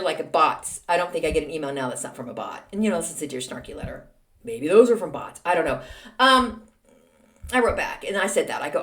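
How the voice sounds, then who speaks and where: A middle-aged woman talks through a casual solo podcast with a chatty, self-deprecating manner. Her pitch swoops up and down as she tells her stories with animation. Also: fairly bright tone. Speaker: podcast host.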